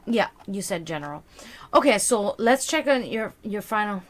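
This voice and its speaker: A woman's voice: medium pitch, expressive, moderate pace. A woman giving a live-streamed tarot reading to a viewer, reassuring and tired, with many fillers and repeated words. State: tired, yawning. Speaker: tarot reader.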